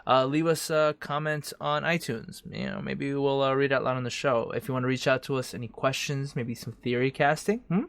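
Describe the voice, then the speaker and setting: A man's voice: mid-range voice, steady tone, a little fast, gravelly, few pauses, a bit bright, clean tone, no room sound. Young male podcast host, casual and jokey with loose swearing, recorded dry. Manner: loose, joking, swears freely. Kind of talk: casual chat.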